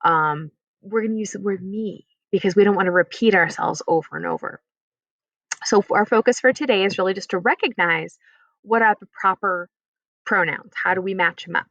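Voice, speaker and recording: A woman's voice: medium pitch, normal speed, a bit bright, dry recording, rough recording. A woman teaching a recorded online French lesson, explaining patiently step by step and encouraging her students.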